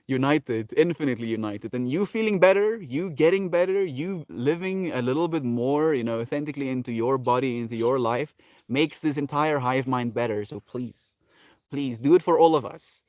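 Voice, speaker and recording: A man's voice: medium pitch, moderate pace, darkish tone, dry recording. A man hosting a casual livestream, reading viewer comments and answering with earnest encouragement and frequent laughs. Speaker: livestream host.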